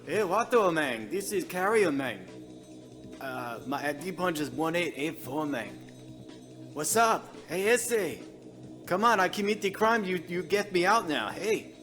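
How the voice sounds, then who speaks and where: A man's voice: high voice, expressive, unhurried, a bit bright, soft background music. A man putting on a swaggering thug. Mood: boastful. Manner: boastful, repeats "man" after every phrase. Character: swaggering male thug caller with a fake Mexican accent. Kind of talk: prank voicemail.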